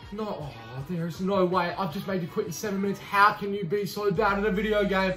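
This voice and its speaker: A male gaming YouTuber delivers brisk, excitable gameplay commentary, cheeky and swearing, bursting into high-pitched shouts whenever a goal goes in. The recording has a roomy echo with faint music behind him.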